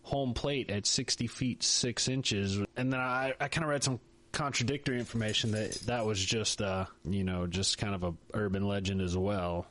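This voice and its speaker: This man co-hosts a podcast, and his talk is loose and rambling, full of jokes and digs at himself. His voice sits on the low side but sounds a bit bright, with fairly even intonation and a moderate pace.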